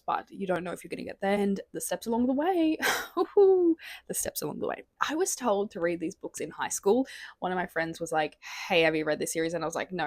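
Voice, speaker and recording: A young woman, chatting excitedly at home in a casual reading vlog, often dropping into whispers, recorded on her camera's built-in mic. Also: mid-range voice, no room sound. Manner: excitable, gushing, drops into whispers. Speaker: book vlogger. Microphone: camera mic, no external microphone.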